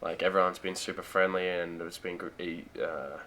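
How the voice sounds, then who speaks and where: A young Australian man with a very low voice talks in a relaxed, rambling way, full of fillers and restarts. His tone is bright and forceful despite the depth. He speaks as a guest in a casual interview chat. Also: normal speed, slight background noise. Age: young adult. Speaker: guest, college football player.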